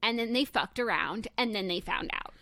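A woman's voice: medium pitch, normal speed, sharp tone, no echo. A young woman co-hosting a casual pop-culture podcast, upbeat and full of "like". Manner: upbeat, says "like" a lot. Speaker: podcast co-host. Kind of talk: casual chat.

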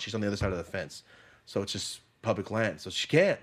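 A young man with a somewhat low voice hosts a casual podcast from a studio. He tells stories in a loose, profane way. He drops into grumbling asides and then jumps into loud, animated outbursts. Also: fast. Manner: profane, animated storyteller, swings from muttering to loud bursts. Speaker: podcast host. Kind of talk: casual storytelling chat.

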